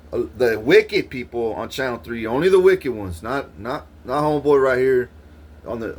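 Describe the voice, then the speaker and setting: A man rambles through a profane monologue, swearing and making threats, and his voice jumps up in pitch whenever he gets heated.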